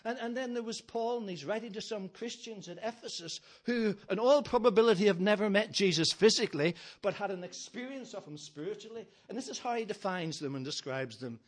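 Preacher, man, higher voice with a husky edge, emphatic and building through repetition. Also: lively intonation, fairly quick, hardly any pauses. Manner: emphatic, builds with repeated phrases, gentle humour. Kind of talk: sermon.

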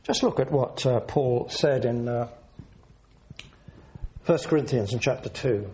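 A man preaching a sermon in an earnest, measured teaching manner, leaning into words for emphasis. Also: mid-range voice, mellow.

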